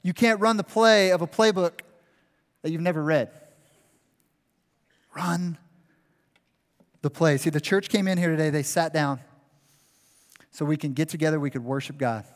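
A man preaches from the pulpit, animated and acting out what a crowd would shout at the players. His voice sits somewhat high for a man. The sound carries a long reverb from the large church sanctuary. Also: fairly quick. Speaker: pastor. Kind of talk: sermon.

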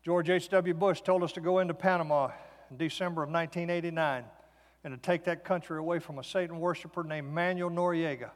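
A man's voice: on the high side, steady tone, brisk. A man in his sixties giving a folksy preaching testimony to an audience. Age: 60s. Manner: folksy storytelling. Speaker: speaker. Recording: long hall reverb.

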